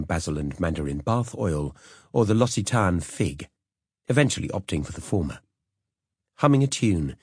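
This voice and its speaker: A man narrating an audiobook in a measured storytelling manner. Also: sits low, darkish tone, husky, no room sound, studio quality. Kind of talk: scripted narration.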